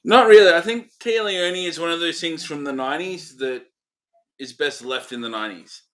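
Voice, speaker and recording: A man's voice: on the high side, moderate pace, fairly bright tone. A man co-hosting a casual film review podcast, easygoing and a little hesitant, laughing often. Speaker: podcast co-host.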